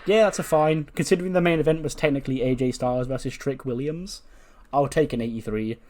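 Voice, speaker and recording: A man running a wrestling sim playthrough, talking the story through in a casual, animated way. His voice sits at an ordinary middle pitch. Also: fast talker. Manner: lively storytelling, acting out characters. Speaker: game commentator.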